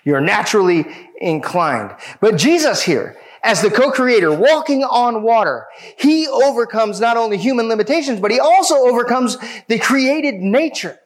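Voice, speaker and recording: A man's voice: extremely high pitch, very animated, normal speed. A man preaching a sermon, speaking emphatically and addressing his listeners directly.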